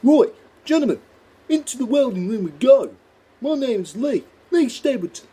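A man doing a loud hearty welding teacher. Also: very high voice, sing-song, normal speed, breathy edge, pitched above the performer's own voice, full character voice.

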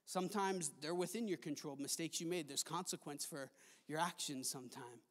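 A man preaching a sermon in a chapel, impassioned, moving between soft stretches and loud ones. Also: fairly high pitch, fairly quick. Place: large chapel hall. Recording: long hall reverb.

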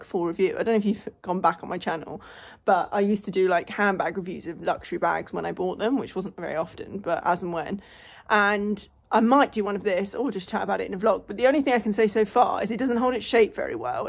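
Breathy, chatty young Englishwoman vlogging. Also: medium pitch. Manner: chatty, rambling, lots of "like". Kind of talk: casual chat to camera. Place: indoors at home, later in a parked car.

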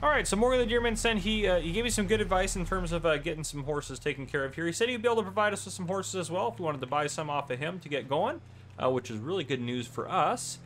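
A man's voice: high voice, lively intonation, quick pace, fairly bright tone, slight background noise. A man casually commenting on his farming game, easygoing and rambling with lots of fillers. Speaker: gameplay channel host.

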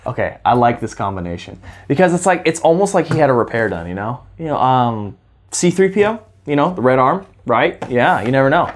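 A woman's voice: extremely low pitch, big pitch swings, a little fast. A woman casually demonstrating a toy robot at a table, chatting and gushing, cooing at it in baby talk, recorded on a handheld camera. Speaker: toy reviewer. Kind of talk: casual hands-on demo.

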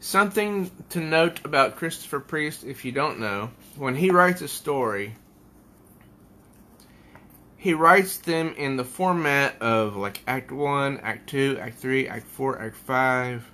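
A man's voice: mid-range voice, expressive, slow pace, sharp tone. A man giving a casual comic book review at home, rambling and thinking aloud as he pages through an issue.

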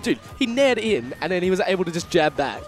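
A man's voice: high-pitched, very animated, fast, faint music behind. A man commentating a live esports match, playful and bantering with his co-caster. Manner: playful, banters and mimics players.

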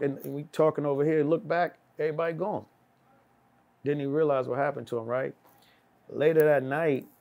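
Spinning a lively story in casual conversation, this middle-aged guest speaks with a creaky, gravelly voice. Whenever he acts out what others said, his volume surges and his pitch leaps up.

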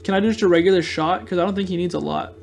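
A man giving casual let's-play commentary on a video game, reacting excitably with loud outbursts of frustration. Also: sits high, rapid-fire, creaky, faint music behind. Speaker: gameplay commentator.

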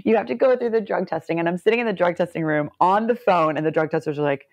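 A woman in her forties tells her story with lots of laughter and lively, swooping acted-out quotes. Her voice sits a little low for a woman. The recording is close and dry. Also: fast talker, no room sound, dull audio. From United States. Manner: animated, laughs often, acts out quotes. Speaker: Olympic swimmer guest. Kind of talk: storytelling in a podcast interview.

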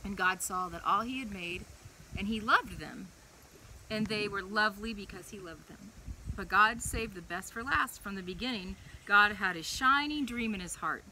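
A young woman leading a preschool chapel, reading a Bible story to young children in a playful, animated way. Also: medium pitch, normal speed, a little hiss or hum, low-quality recording.

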